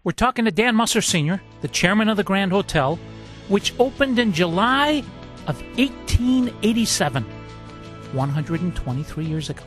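A male radio host with a notably high voice delivers smooth, scripted introductions. A music bed plays clearly underneath him. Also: animated, moderate pace, a bit bright. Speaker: radio talk show host. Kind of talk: radio interview.

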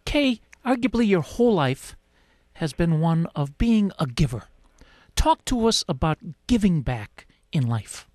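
Lively-voiced male radio host. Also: fairly high pitch, unhurried, no room sound, clean studio sound. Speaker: radio talk show host. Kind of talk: radio interview.

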